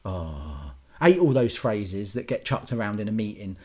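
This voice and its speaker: A man's voice: fairly low pitch, expressive, moderate pace. A man, rambling through a sarcastic, casual comic rant to camera and swearing freely. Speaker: YouTube ranter and host.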